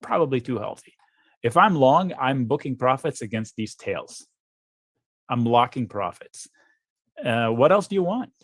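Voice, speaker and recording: Male guest trader, blunt and offhand, mid-pitched, dry close mic, live webinar chart talk. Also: expressive, fairly bright tone, no room sound. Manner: blunt, quick asides, thinks aloud over charts. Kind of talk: live trading webinar commentary.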